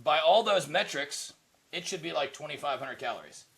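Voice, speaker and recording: Guy cohosting a podcast, kinda high voice, bright and sharp, rambles with lots of you know right. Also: expressive, moderate pace, gravelly. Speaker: podcast co-host. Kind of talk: casual chat.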